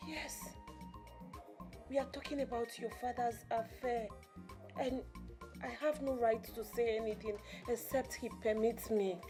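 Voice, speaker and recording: A woman plays a young live-in nanny, in a Nollywood-style film drama. Her voice sits fairly high, and she speaks softly and hesitantly, almost apologizing. A film score plays under her lines. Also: steady tone, measured pace, long pauses, music in the background, close to an everyday voice. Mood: reluctant. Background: background film score.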